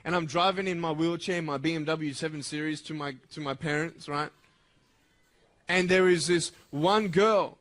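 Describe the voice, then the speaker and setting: A man delivering a motivational speech at a school assembly, emphatic and swinging from loud bursts to hushed intensity. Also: on the high side, normal speed. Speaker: motivational speaker.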